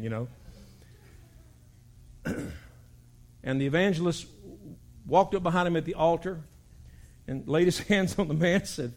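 A man preaches a sermon, spinning lively stories. His voice sits high, and he jumps into other people's voices, sometimes with sudden shouts. The delivery is animated and conversational. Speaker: pastor.

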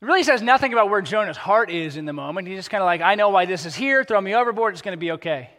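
A man preaching a sermon as pastor, animated and acting out the characters he quotes. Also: high voice, very fast, in a large hall.

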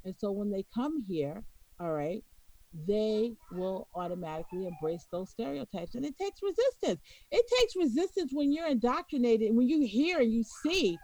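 A woman's voice: on the high side, big pitch swings, normal speed, mellow, dry recording, rough recording. Emphatic New York woman lecturing. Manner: emphatic, lecturing, checks in with frequent "okay?". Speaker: podcast co-host. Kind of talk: casual opinionated discussion.

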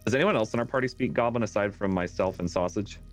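A man playing a tabletop game, hesitant and thinking out loud. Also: fairly low pitch, fast, soft background music. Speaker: player. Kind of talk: casual tabletop play.

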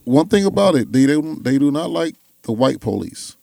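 A man's voice: a little high, expressive, normal speed, gravelly, warm tone, dry recording. A man with a Chicago accent, chatting casually and laughing as he tells stories in slang. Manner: laughing storyteller, slangy, repeats himself. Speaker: podcast host. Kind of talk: casual chat.

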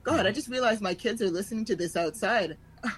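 A woman in her forties, a stand-up comedian telling stories in a frank, animated way, acting out other people's lines as she talks. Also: mid-range voice, brisk, husky, poor audio. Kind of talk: storytelling in a podcast chat.

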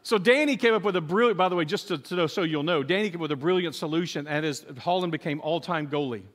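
Delivering his sermon at a quick pace in a fairly high voice, the middle-aged pastor animates a story with humor, voicing each character himself and bantering with the congregation.

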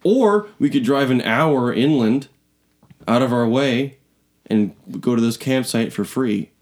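A man's voice: mid-range voice, measured pace. Man telling a rambling comedic story. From British Columbia, Canada. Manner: rambling anecdote, acts out voices of people in the story. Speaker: podcast co-host.

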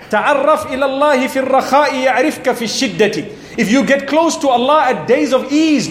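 A middle-aged man preaching a sermon in an animated way, acting out prayers and pleas. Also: very high-pitched, echoey room, a little hiss or hum.

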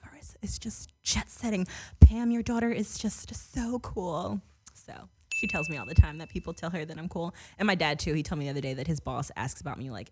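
Lowish-voiced young woman, swearing constantly. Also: husky. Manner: profane, chatty, filler-heavy. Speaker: podcast host. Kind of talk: casual chat.

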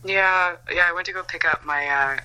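A woman's voice: on the low side, normal speed, sharp tone, clear, resonant tone, poor audio. A woman guest on a podcast, chatting casually, laughing often and swearing freely. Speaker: podcast guest, make-up artist. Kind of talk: casual chat.

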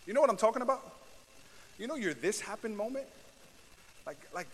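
A man preaching a sermon, talking back and forth with the congregation and building to loud, drawn-out shouted climaxes. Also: high voice, big pitch swings, a little hiss or hum. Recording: long hall reverb.

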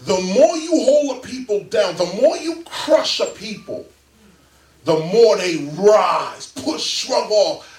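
Animated high-voiced man lecturing a crowd. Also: slow. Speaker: interview guest. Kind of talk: talk before a live audience. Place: public library event room. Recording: roomy, distant mic.

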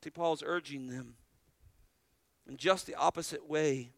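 A man preaching a sermon as pastor, animated, repeating phrases and restarting lines as he drives each point home. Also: a little high, unhurried, vocal fry, dry recording.

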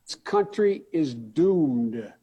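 A man in a played clip, speaking slowly and emphatically. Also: on the high side, expressive, warm tone, slightly rough, in a large hall.

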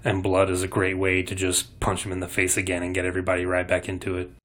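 A man co-hosting a podcast in relaxed, conversational chat. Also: low voice, fast talker. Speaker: podcast co-host. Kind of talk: casual chat.

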